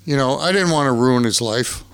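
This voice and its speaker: A man's voice: mid-range voice, normal speed, fairly bright tone, clean tone. A man telling a wild story in casual, profane podcast chat.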